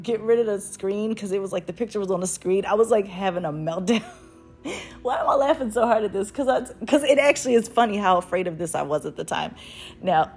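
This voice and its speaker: A young woman vlogger with a medium-pitched, husky voice tells a personal story. She's casual and animated, laughs a lot, and swears freely.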